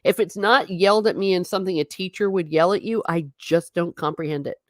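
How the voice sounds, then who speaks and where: Low-pitched American woman host, chatty livestream rambler, dry close sound. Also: fairly quick, no echo. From United States. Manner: chatty, rambling, laughs often, reads viewer comments aloud. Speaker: livestream host reading chat. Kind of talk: casual livestream chat.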